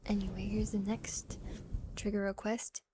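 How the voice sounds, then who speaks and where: A woman streamer softly whispering and rambling with giggles in a relaxed ASMR chat, close to the microphone. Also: medium pitch, measured pace, a little hiss or hum.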